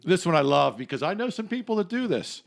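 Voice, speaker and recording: A man co-hosting a casual podcast with a voice pitched a bit high. His intonation swings widely and he sounds animated. He runs through one-liners one after another in an easy, chatty way. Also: fast talker, gravelly.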